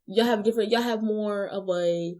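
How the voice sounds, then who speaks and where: A young woman co-hosting a casual chat show, talking in an animated way and acting out little voices as she tells stories. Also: medium pitch, normal speed. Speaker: co-host.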